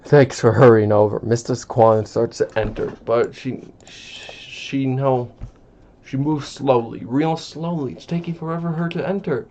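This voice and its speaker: A man's voice: medium pitch, unhurried, a little mellow. A man casually reading a screenplay aloud, with offhand asides and swearing, on a dull lo-fi recording. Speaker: channel host reading a screenplay. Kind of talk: casual comedic script read-through.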